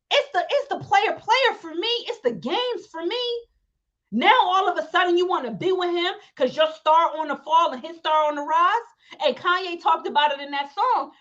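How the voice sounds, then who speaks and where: A woman's voice: high-pitched, a bit bright, dull audio. A young woman hosting an opinionated commentary rant, emphatic and repetitive, often acting out quotes. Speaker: commentary channel host.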